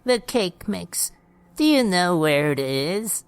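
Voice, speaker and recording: A man voicing a polite, frail elderly woman shopper in a told horror story, speaking slowly and sweetly. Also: high-pitched, big pitch swings, smooth, no room sound, soft background music, pitched above the performer's own voice, exaggerated voice. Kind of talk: storytelling narration.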